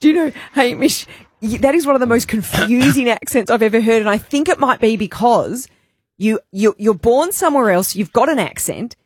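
A woman from Ireland hosting a radio show, chatting and guessing with restarts and quick back-and-forth. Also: fairly high pitch, animated, breathy edge, no room sound. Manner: chatty, easily confused, lots of restarts. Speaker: radio host. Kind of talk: casual radio banter.

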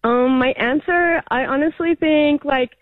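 High-voiced woman caller, hesitant. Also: a little slow, no echo, narrow, tinny audio. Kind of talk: radio call-in chat.

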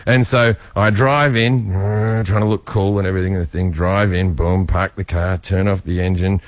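A man's voice: low-pitched, fairly even intonation, moderate pace, no echo. A middle-aged man chatting as a radio guest, telling stories with swearing and frequent laughs. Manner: storytelling, swearing, laughing often. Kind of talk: casual radio chat.

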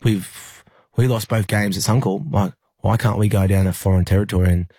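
A young Australian man telling a personal story in an interview, halting and full of fillers and restarts. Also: fairly low pitch, fairly even intonation, mellow, breathy edge, no room sound. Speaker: interview guest, rugby league player.

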